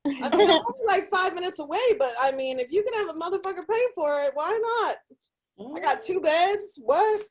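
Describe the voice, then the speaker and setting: A woman's voice: extremely high pitch, lively intonation, brisk, rough recording. A middle-aged woman from California doing crude, profane stand-up comedy from a hotel room. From Sacramento, California.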